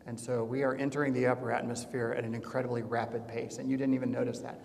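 A man teaching a class in a conversational, digressive way, often pausing on fillers. His voice sits at an ordinary middle pitch. A long reverb trails through the lecture hall. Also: creaky, darkish tone.

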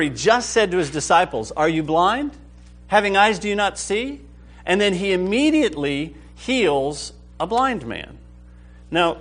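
A man's voice: fairly high pitch, fairly bright tone. A man teaching a Bible study class with enthusiasm, often checking whether the group is following. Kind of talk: lively Bible class lecture.

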